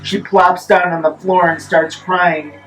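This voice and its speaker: A man telling a spooky story in the first person, measured, with wry deadpan asides. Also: sits high, low-quality recording.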